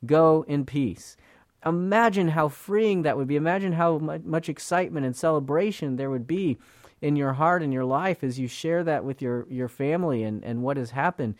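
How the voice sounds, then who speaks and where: A man's voice: fairly high pitch, moderate pace, dry recording, studio quality. A man giving a conversational Bible teaching in an earnest voice, often repeating words as he talks. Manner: earnest, repeats words, acts out quoted speakers.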